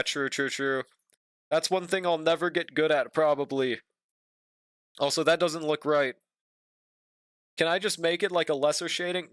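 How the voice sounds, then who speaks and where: A man's voice: a little high, a bit bright, clear, resonant tone, no room sound, studio quality. A young man streaming as he draws, chatting casually with viewers and swearing freely. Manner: laid-back, swears often, talks to chat. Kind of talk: casual stream chat while drawing.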